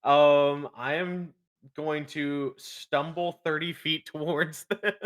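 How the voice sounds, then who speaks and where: A man playing in a casual tabletop game, hesitant and quick to giggle. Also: on the high side, steady tone. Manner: giggly, hesitant, repeats words. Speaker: player.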